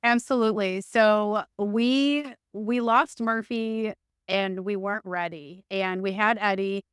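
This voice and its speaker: A middle-aged woman telling a long story as an interview guest, chatty and animated. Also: medium pitch, takes it slowly, smooth, dry recording, studio quality. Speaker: podcast guest.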